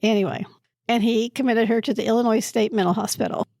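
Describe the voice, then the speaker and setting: Woman co-host, casual book chat, high-ish voice, dry close sound. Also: steady tone, vocal fry, a little mellow, dry recording. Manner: slow, searching for words, laughing at times. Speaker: podcast co-host presenting a book pick. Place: library recording room.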